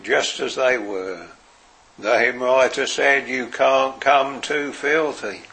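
Slow, gravelly-voiced male preacher. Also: mid-range voice. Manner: slow, earnest preaching with soft, quiet quoted phrases. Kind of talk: sermon.

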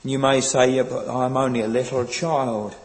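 A man preaching a sermon in a slow, earnest, pleading way, quoting old scripture. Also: medium pitch, level tone, poor audio.

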